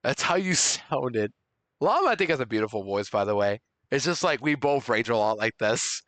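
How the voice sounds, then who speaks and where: A young man streaming a game live, chatting with viewers and loudly overreacting to surprises. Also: mid-range voice, sing-song, a little fast, no room sound.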